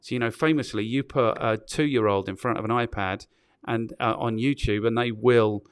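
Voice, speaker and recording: A man with a smooth, resonant voice hosts a casual podcast discussion and shares his opinions conversationally. His voice is recorded dry, with no room echo. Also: medium pitch, fairly even intonation, moderate pace. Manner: conversational, opinionated, often checks in with the listener.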